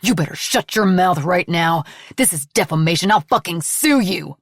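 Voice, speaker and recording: A woman voicing a defiant, quick-tempered man who blusters and threatens. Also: low voice, no room sound, clean studio sound, exaggerated voice. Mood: defensive.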